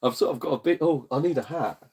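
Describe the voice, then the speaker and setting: A man's voice: fairly high pitch, quick pace, darkish tone, a little hiss or hum. A man hosting a casual live stream from his front room, chatting to viewers in a blunt, jokey way, now and then swearing and putting on voices when he retells exchanges. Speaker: streamer and gaming channel host.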